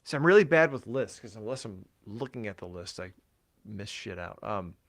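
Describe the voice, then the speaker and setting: Chatting casually as a podcast co-host, a man rambles through his thoughts, swearing a lot and using many fillers. His lowish voice has lively intonation, a moderate pace, and a fairly bright tone, though it sounds worn from talking all day.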